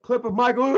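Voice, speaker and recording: Really high-voiced guy ranting on his stream, swears a lot, keeps restarting, kinda muffled lo-fi audio. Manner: profane, rambling storytelling with many restarts. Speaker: livestream host. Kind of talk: casual livestream rant.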